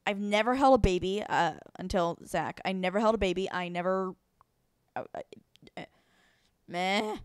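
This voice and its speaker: A woman's voice: medium pitch, moderate pace, smooth, no echo, studio quality. A woman co-hosting a casual podcast chat, anxious and self-deprecating, laughing as she talks. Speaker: podcast co-host.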